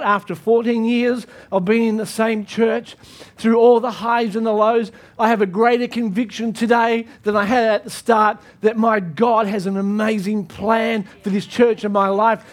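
High-voiced man preaching a sermon. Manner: earnest, emphatic preaching with dramatic pauses. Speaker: pastor.

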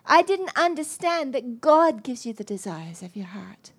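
A middle-aged woman preaching a sermon, telling a personal story in an animated, self-mocking way. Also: high-pitched, a little slow, husky.

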